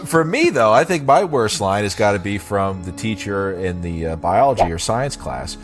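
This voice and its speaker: A man's voice: fairly low pitch, animated, normal speed, soft background music. A man hosting a casual film podcast, playful and laughing, steering his co-hosts through the discussion. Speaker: podcast host.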